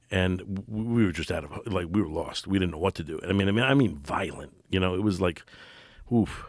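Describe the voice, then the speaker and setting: A man in his forties, a podcast guest telling a personal story in an earnest, halting way with many restarts. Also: deep voice, gravelly, dry recording.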